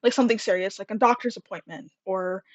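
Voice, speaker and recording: A woman's voice: medium pitch, quick pace, dry recording, lo-fi sound. A young woman telling a story from her school days in a casual, rambling way, full of fillers, a little out of breath. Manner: chatty, rambling, many fillers and laughs.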